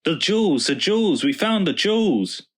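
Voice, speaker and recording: A bright, squealing little girl with quick, eager lines, put on by a male storybook reader. She talks in a high, excitable voice. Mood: excited. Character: excitable young girl detective. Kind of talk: storybook reading.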